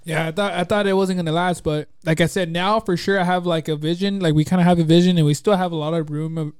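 Higher-voiced young man, smooth and rambling. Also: fairly even intonation, fast, a little mellow, no echo, clean studio sound. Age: young adult. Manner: rambling, laughs often. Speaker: podcast host. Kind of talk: casual chat. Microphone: headset.

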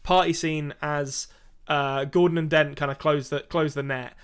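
A man co-hosting a film podcast in casual chat, talkative and quick to laugh, often restarting his sentences. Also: on the high side, fairly even intonation, clean tone. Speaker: podcast co-host.

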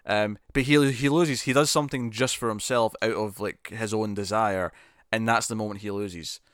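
A man casually discussing a film with a friend, animated and rambling, often restarting his sentences. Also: on the low side, moderate pace, clean tone, no echo, clean studio sound. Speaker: podcast co-host.

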